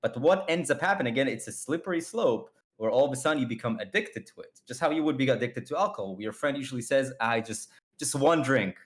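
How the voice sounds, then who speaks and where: A man's voice: medium pitch, fast, few pauses. A man on a podcast arguing his view emphatically, acting out little quoted exchanges as he goes. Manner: emphatic, animated, acts out quotes. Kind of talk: casual debate.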